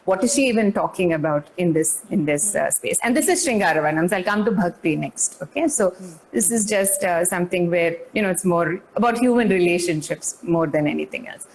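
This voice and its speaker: Animated woman explaining. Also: on the low side, brisk, slight background noise, low-quality recording. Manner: animated, acts out lines, many fillers and restarts. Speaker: guest dance artist explaining song lyrics. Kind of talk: conversational explanation in an interview.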